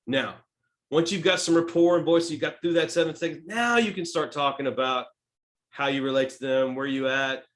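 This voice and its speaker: A Texan sales coach gives a training talk in a voice on the high side at a moderate pace. He's emphatic, checks in with "right?" and "okay?", and swings between loud stresses and soft asides.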